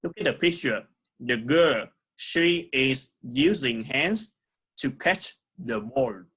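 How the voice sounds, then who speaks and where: A man with a Vietnamese accent teaching an English lesson to young pupils, saying words slowly and repeating them for the class. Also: mid-range voice, animated, a bit bright, breathy edge. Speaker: primary school English teacher. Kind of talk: recorded online lesson.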